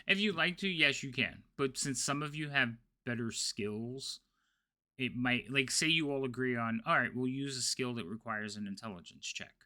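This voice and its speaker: A man's voice: mid-range voice, moderate pace, bright, forceful tone. A man running a tabletop game as game master, explaining rules in a loose, chatty way.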